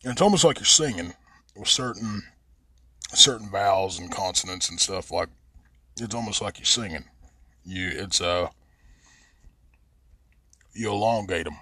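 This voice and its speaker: Cussing Appalachian man, low, dry. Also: expressive, unhurried, long pauses, sharp tone, breathy edge, no room sound. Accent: Southern Appalachian. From West Virginia. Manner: rambling, cusses freely, drawls and stretches vowels. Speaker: podcast host. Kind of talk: casual profane monologue.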